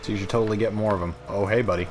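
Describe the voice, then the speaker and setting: A man's voice: on the low side, steady tone, very fast, music in the background. A young man hosting a let's play, chatting in a rambling, self-mocking way with many fillers. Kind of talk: gameplay commentary.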